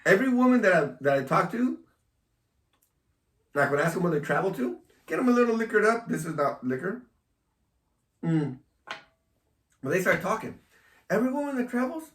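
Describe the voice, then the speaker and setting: A man's voice: high voice, very animated, moderate pace, pauses often, a bit bright, far from the mic. A man hosting a loose, casual chat, teasing and provocative with frequent laughs. His voice rises and falls a great deal. He sounds set back from the mic in an echoey room. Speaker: host.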